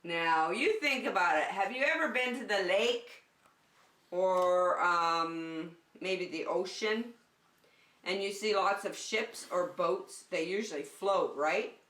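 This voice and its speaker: A woman's voice: on the low side, slow pace, a bit bright, roomy sound, far from the mic. A woman teaching a preschool circle time, talking to the children as friends in a sing-song voice.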